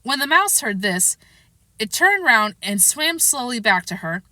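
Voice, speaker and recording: Lively woman reading a storybook aloud. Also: on the high side, measured pace, dry recording. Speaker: storybook reader. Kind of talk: reading a children's classic aloud.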